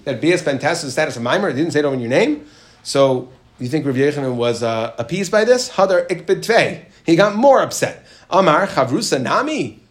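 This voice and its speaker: Animated man teaching a Talmud lesson. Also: a little fast. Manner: reads Aramaic text then explains in English, animated rises in pitch. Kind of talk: Gemara lesson, reading and explaining.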